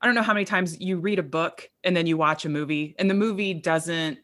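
A woman co-hosting a true-crime podcast, talking in a thoughtful, measured way. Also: fairly low pitch, a bit bright. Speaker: podcast co-host producer. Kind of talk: conversational true-crime discussion.

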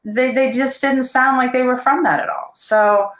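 A woman's voice: sits high, fairly even intonation, moderate pace, roomy sound, poor audio. A woman speaking as a voice teacher in a casual interview, earnest and thoughtful, with many fillers.

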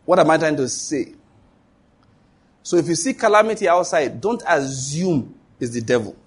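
A man preaching a sermon as pastor, emphatic, asking rhetorical questions and leaping up in pitch for exclamations. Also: lively intonation, normal speed, husky.

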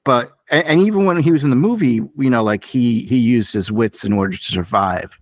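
A man co-hosting a podcast in casual chat, opinionated and animated, jumping up in pitch for emphasis. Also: brisk, no echo. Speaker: podcast co-host.

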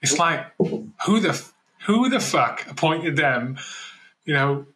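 A man's voice: fairly high pitch, expressive, slow, bright, forceful tone, low-quality recording. A man co-hosting a casual current-affairs podcast, chatty and thinking aloud as he talks. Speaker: podcast co-host.

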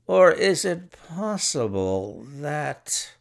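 A man doing a shrewd, measured detective. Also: on the high side, big pitch swings, gravelly, pitched above the performer's own voice, full character voice. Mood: musing.

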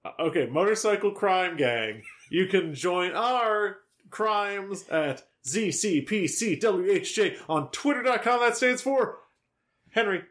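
A man's voice: high-pitched, expressive, slow, fairly bright tone. A man co-hosting a podcast in casual banter, with dry, offhand humor, reading out the show's plugs. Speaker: podcast co-host.

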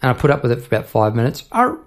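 A middle-aged songwriter hosts his own podcast, chatting casually about songwriting and rambling through stories with frequent restarts. His voice is mid-range and a little mellow, with fairly even intonation and a rapid-fire pace.

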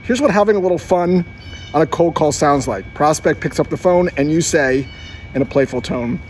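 A man's voice: on the high side, animated, normal speed, a little hiss or hum. A man coaching listeners on cold calling in an upbeat, direct instructional monologue. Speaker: sales coach.

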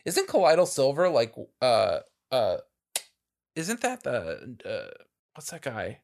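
Man, podcast co-host, gravelly voice with an animated pitch and a rambling, laughing delivery. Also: slow. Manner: chatty, laughing, trailing off with fillers. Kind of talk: casual chat.

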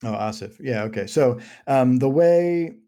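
A man co-hosting a book club podcast, talking casually and haltingly with many fillers and restarts. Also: medium pitch, expressive, warm tone.

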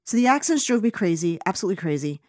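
A woman's voice: fairly low pitch, very animated, racing, a little mellow, dry recording, clean studio sound. A woman chatting casually and ranting about a film, full of fillers and restarts. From United States. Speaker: podcast co-host reviewing a film. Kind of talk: casual opinionated chat.

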